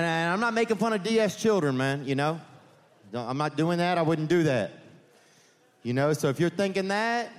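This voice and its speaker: Rambling stand-up comedian, man. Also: a little high. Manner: rambling, with deadpan asides and self-corrections.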